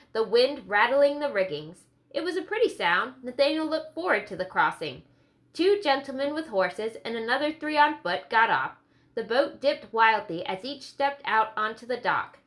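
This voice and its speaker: Bright-voiced woman reading a storybook. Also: fairly high pitch. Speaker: audiobook narrator. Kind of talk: scripted storybook narration.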